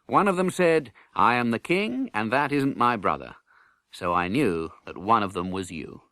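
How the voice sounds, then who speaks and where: A man voicing a confident, clever knight who speaks briskly and takes charge. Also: on the low side, lively intonation, sharp tone, no room sound, clean studio sound. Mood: explaining. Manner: brisk, commanding.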